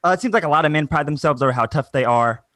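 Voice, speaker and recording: A man's voice: on the high side, very fast, fairly bright tone, dry recording. A young man doing a self-mocking stand-up set over a video call, with a punchy delivery. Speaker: stand-up comedian.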